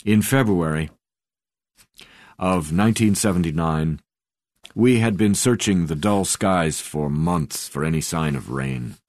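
Reading a memoir, this audiobook narrator uses a remarkably low, deep voice and a calm, unhurried delivery, frequently dropping almost to a hush as phrases end. The sound is close-miked and dry, without any room ambience.

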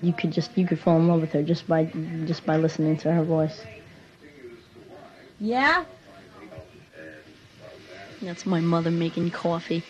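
In this muffled recording, a teenage girl of seventeen talks about her life for her own audio diary. She speaks a bit slowly in a lowish voice, pausing often, and her casual, meandering talk is full of fillers and false starts.

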